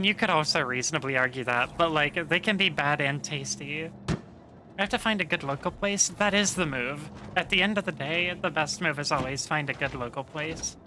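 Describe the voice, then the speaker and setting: A woman streamer chatting casually with viewers while playing, relaxed and profane, rambling with lots of fillers. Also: low-pitched, slight background noise. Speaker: game streamer. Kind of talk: casual stream chat reading viewer messages.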